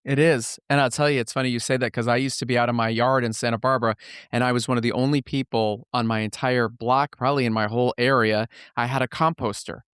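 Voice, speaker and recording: A man hosting an interview show, chatting casually and telling stories with lively, animated delivery. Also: medium pitch, quick pace, clean tone, dry recording, clean studio sound. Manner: lively storyteller, acts out voices. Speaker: podcast host.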